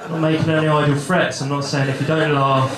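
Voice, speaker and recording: Young man, stand-up comic, slightly high voice, nervous rambling delivery, echoey club with loud laughter. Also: little pitch movement, fast talker, crowd noise. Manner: awkward, rambling, self-deprecating, swears a lot. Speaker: stand-up comedian. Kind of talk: stand-up comedy set. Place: comedy club stage with a live audience.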